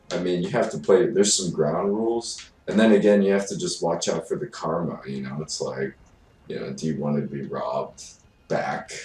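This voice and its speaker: A young man with an extremely deep voice rambles in laid-back, profane streamer chat. He sits away from the mic. The sound is roomy, with faint noise behind him. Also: darkish tone, recorded from a distance. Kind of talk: casual chat.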